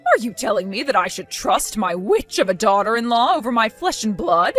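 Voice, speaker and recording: A woman's voice: on the high side, very animated, brisk, fairly bright tone, faint music behind. A woman voicing a scornful mother-in-law. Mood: contemptuous. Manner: cutting, contemptuous scolding. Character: scornful middle-aged mother-in-law, harsh and accusing. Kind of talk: text-story drama acting.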